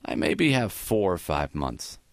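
A man reading the part of a frail, dying old male professor who speaks gently and matter-of-factly. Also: low-pitched, sing-song, gravelly, no echo, clean studio sound, exaggerated voice. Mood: gentle. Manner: gentle, unhurried, matter-of-fact.

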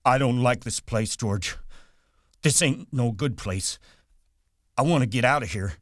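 A man voicing a big simple-minded farmhand who pleads in a childlike way, raising his pitch above his own. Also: measured pace, a little mellow, breathy edge, no room sound, clean studio sound. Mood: pleading.

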